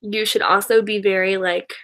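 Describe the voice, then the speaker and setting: A woman's voice: mid-range voice, fairly even intonation, normal speed, fairly bright tone. A young woman chatting casually with viewers on a live stream, rambling with lots of fillers and restarts and laughing often. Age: young adult. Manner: rambling, filler-heavy, giggly. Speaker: YouTuber answering live chat.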